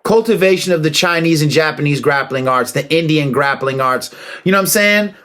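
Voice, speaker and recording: Emphatic, preachy man, slightly high voice. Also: brisk. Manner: emphatic, preachy, addresses listeners directly; rhetorical questions and shout-outs. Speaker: martial arts commentator. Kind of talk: casual opinion monologue.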